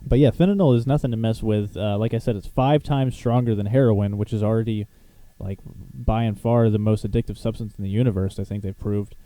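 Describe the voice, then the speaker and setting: A young man hosts a casual live chat show, rambling loosely and laughing easily. His voice is very dark and mellow, recorded dry and close with no room sound. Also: fairly low pitch, a little fast, hardly any pauses, dry recording. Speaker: show host.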